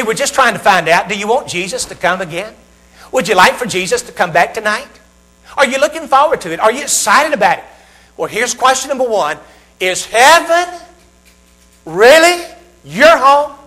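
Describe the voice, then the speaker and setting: A man with a Southern American accent preaching a sermon, asking his listeners questions and pausing for effect. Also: high-pitched, bright, forceful tone. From Southern United States. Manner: rhetorical questions with dramatic pauses.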